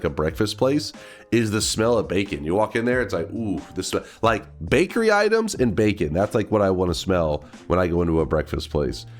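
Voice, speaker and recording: Man, stuffed-up nose, low voice, swings up and down a lot, rambling streamer chat, faint music behind. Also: darkish tone. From Texas. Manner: rambling, swearing, laughing to himself. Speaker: game streamer. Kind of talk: casual livestream chat.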